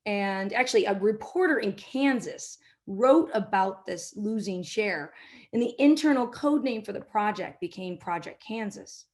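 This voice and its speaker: A middle-aged woman, a marketing executive, giving a business talk and telling an anecdote, now and then acting out quotes in a softer voice. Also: medium pitch, lively intonation, a little slow. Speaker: keynote speaker, marketing executive.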